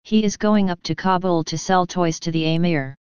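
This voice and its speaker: A woman's voice: lowish voice, fairly even intonation, moderate pace, smooth, dry recording, muffled recording, close to an everyday voice. A woman voicing a male horse dealer at a bazaar, gossiping in a matter-of-fact way. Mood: scoffing.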